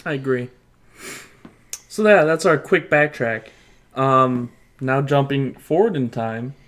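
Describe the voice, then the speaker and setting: A man's voice: medium pitch, takes it slowly, fairly bright tone. A young man co-hosting a podcast in casual chat, dry and teasing with his partner. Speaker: podcast co-host.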